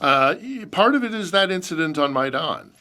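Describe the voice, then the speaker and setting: A man's voice: on the high side, animated, moderate pace, sharp tone. A man recalling a personal story in conversation, emotional and reflective as he talks. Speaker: podcast host being interviewed.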